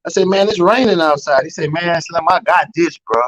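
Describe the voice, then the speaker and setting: A man's voice: a little high, fairly quick, muffled recording, a crowd in the background. A man with a New Orleans accent, a guest telling his life story as an emotional personal testimony, acting out the voices of the people in it. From Louisiana. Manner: storytelling, acting out quoted voices, frequent "man" and "you know".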